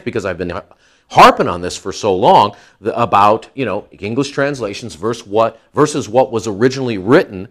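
A male pastor teaching from the pulpit, his voice rising and falling in a lively sweep as he drives his points home. He speaks emphatically, restarting phrases and pressing on key words. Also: medium pitch. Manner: emphatic, animated Bible teaching with Greek terms. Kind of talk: sermon.

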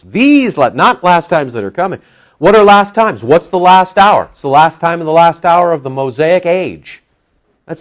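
Guy preaching a bible sermon, bit high-pitched, talks to the crowd, gets loud and worked up at points. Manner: emphatic, rising to near-shouting when stirred; conversational, with asides to the audience. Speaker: pastor.

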